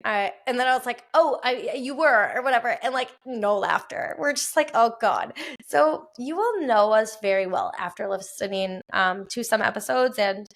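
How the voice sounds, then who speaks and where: Recording her casual solo podcast at night from a quiet house, a thirtysomething woman speaks with a Wisconsin accent in a slightly high, gravelly voice. She chats freely, laughing quickly and using plenty of fillers.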